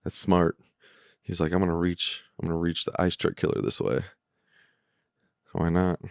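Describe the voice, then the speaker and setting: Wearing headphones and speaking into a close mic, a podcast host with a low, creaky voice gives casual watch-along commentary on a TV episode. His pitch barely moves and his pace is normal; he jokes, hums along, and imitates characters, all with a dry, echo-free sound.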